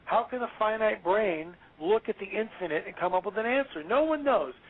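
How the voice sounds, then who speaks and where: A male author talking as an interview guest, emphatic and preachy, quick to exclaim. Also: sits high, a crowd in the background. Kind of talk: animated interview talk. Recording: tinny phone-line audio.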